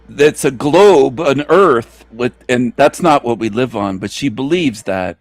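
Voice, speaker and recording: A man's voice: mid-range voice, animated, unhurried, hardly any pauses, no room sound. Incredulous, laughing male reviewer. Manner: crude, incredulous, keeps breaking into laughter. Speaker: video reviewer. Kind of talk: mocking reaction commentary.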